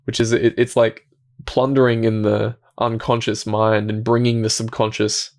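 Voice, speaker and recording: A man with a fairly low voice talks to camera about inner work in a calm, unhurried way. His delivery is gentle and thoughtful, and his sentences often trail off and restart. Now and then he sinks into soft, quiet asides. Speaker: self-help video host. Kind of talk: reflective talk to camera.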